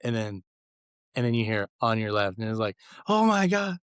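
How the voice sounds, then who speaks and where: A man's voice: lowish voice, level tone, fairly quick, fairly bright tone, smooth, no room sound, clean studio sound. A man co-hosting a casual podcast chat, telling stories animatedly and acting out quotes with laughs. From Los Angeles. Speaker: guest cohost.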